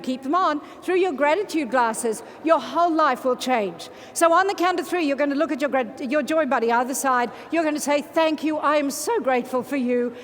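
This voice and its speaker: A woman motivational speaker, giving an energetic, playful keynote in a large conference hall and leading the crowd in chants. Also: high-pitched. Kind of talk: keynote speech to a large audience. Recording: reverberant hall from a stage mic.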